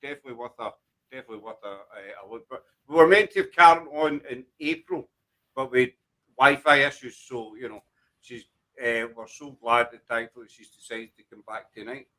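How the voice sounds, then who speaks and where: A man's voice: mid-range voice, fairly quick, sharp tone, rough recording. A middle-aged man with a Glaswegian Scottish accent, hosting a casual chat show in a rambling, self-deprecating, joking way. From Glasgow, Scotland. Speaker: host.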